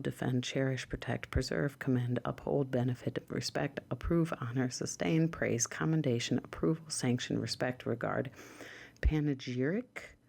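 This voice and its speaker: An ASMR host slowly reading lists of words in a soft, low-key voice, sometimes dropping to a whisper and adding dry little asides. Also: gravelly, husky. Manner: drifts into whispers.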